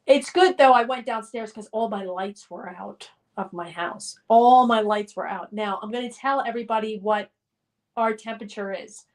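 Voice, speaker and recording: A woman's voice: medium pitch, normal speed. A middle-aged woman hosting a livestream from home, reading viewers' chat comments aloud and running a guessing game. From Colorado. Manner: reads out chat messages and hosts a guessing game. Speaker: livestream host.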